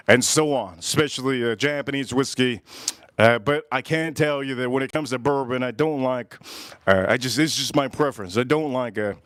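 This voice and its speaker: A man's voice: mid-range voice, no room sound. An American man hosting a casual live stream at his backyard grill, rambling and repeating himself with lots of fillers. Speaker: livestream host.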